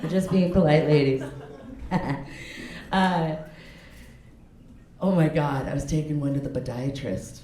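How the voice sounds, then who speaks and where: A woman's voice: low-pitched, steady tone, a little slow, long pauses, slight background noise. A woman in her forties doing a stand-up comedy set in a comedy club, talking frankly and laughing at her own jokes. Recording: echoey club with loud crowd. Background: audience laughter.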